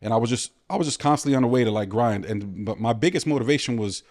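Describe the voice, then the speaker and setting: A man from New City, telling stories as a guest in a casual podcast chat, animated and full of street slang. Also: mid-range voice, fast. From New York City.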